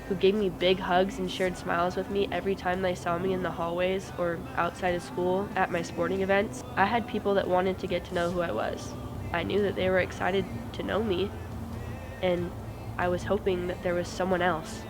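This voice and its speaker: Teenage girl, earnest testimony, flat even delivery, music underneath. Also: lowish voice, low-quality recording. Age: teens. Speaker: student giving testimony. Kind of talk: recorded personal testimony.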